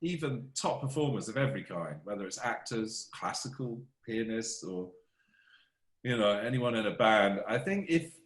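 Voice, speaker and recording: A male composer chats as an interview guest, spinning self-deprecating anecdotes with lively swings in pitch. The sound is roomy, with noticeable echo off the walls. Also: moderate pace. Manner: animated, self-deprecating storyteller. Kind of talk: casual interview conversation.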